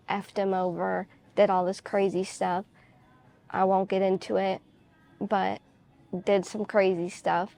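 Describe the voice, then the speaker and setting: Woman vlogger, deep vocal fry and a mellow tone, confessional and rambling, filler-heavy. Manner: candid, confessional storytelling. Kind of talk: casual chat to camera.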